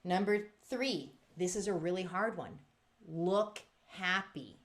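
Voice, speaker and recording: A woman presenting a workshop for music teachers, talking in a lively, emphatic way and acting out quotes with big jumps in pitch. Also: takes it slowly.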